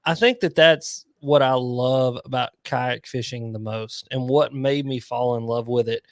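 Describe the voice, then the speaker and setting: A man hosting a casual fishing podcast from home, telling lively stories and laughing as he talks. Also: mid-range voice, unhurried, no echo, studio quality. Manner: animated storyteller, laughs while telling stories. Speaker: podcast host. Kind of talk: casual chat.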